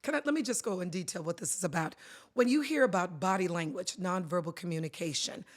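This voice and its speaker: A middle-aged woman speaking as an expert guest, explaining with emphasis and now and then dropping her voice to a hushed whisper for effect. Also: lowish voice, fast. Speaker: guest, body language expert. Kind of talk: animated conversational teaching.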